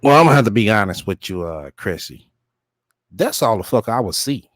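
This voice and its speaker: A man's voice: lowish voice, big pitch swings, a little fast, fairly bright tone, no room sound, clean studio sound. Blunt, profane man reacting to a clip. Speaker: reaction show host. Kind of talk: casual reaction commentary.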